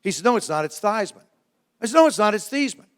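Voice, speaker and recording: Older guy around 70 telling funny stories to a crowd, voice a bit high, lots of restarts. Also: racing. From New Jersey. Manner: lively anecdotes with self-mocking humor, frequent restarts. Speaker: former quarterback, guest speaker. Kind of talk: storytelling talk to a live audience.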